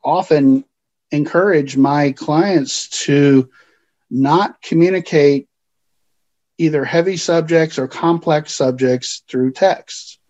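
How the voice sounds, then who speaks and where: A man working as a counselor, explaining things in a calm, measured way during a podcast interview. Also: on the high side, highs cut off.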